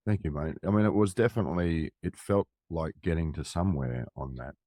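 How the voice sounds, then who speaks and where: A man's voice: sits low, a little fast, mellow, no echo, studio quality. A middle-aged Australian man in casual conversation, talking reflectively and loosely with many restarts. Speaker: musician guest and co-host.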